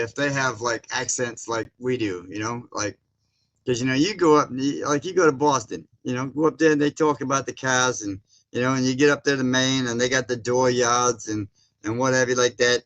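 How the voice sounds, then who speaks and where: A man's voice: mid-range voice, moderate pace, a bit bright. A man hosting a casual livestream, reading viewer comments aloud with lots of fillers and easy laughs. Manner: folksy, laughs often, many fillers. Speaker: livestream host reading chat. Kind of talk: casual live chat. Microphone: streaming setup mic.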